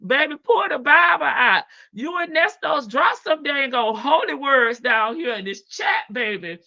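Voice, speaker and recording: A brash, sassy woman hosts a live stream, cursing freely and laughing often. Her voice is bright and a touch high. The sound is dull and lo-fi, with a dry, close feel. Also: lively intonation, unhurried, gravelly, dry recording. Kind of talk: casual live-stream commentary. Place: home in Las Vegas.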